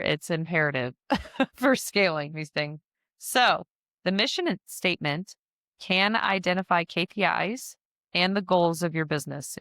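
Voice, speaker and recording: A woman's voice: lowish voice, a bit bright, clear, resonant tone, dry recording, studio quality. A woman hosting a casual business-advice podcast, chatty with frequent fillers and self-deprecating asides. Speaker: podcast host and business mentor.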